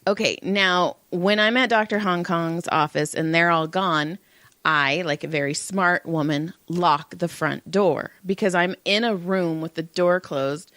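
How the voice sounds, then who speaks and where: A podcast co-host tells a story in casual conversation, her voice fairly low and her pace a little slow. She's animated, swears freely, and acts out what people said. The recording is dry.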